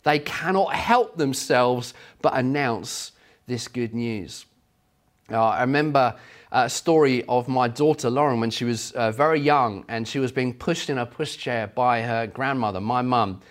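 A man's voice: mid-range voice, measured pace. A man preaching a sermon, earnest and emphatic, telling stories to make his point.

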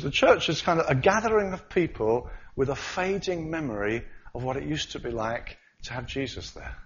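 A man preaching a sermon, animated, acting out the voices of the disciples as he talks. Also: fairly high pitch, dull audio.

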